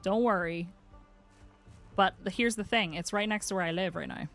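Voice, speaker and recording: A woman from Northern Ireland with a Northern Irish accent, a game streamer chatting casually with her chat, self-mocking and quick to laugh. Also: medium pitch, a bit bright, soft background music. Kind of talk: casual live-stream chat while playing.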